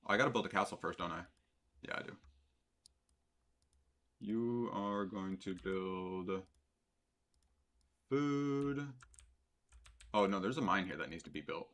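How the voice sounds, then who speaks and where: Man, live streamer, sarcastic reaction commentary, bright tone, rambling, mocking. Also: deep voice, expressive, unhurried, long pauses.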